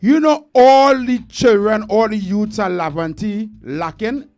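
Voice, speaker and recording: A man's voice: high-pitched, a little mellow, soft background music. A man with a Trinidadian accent hosting a casual discussion, speaking earnestly and laying out points one by one. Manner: earnest, measured, lists points deliberately.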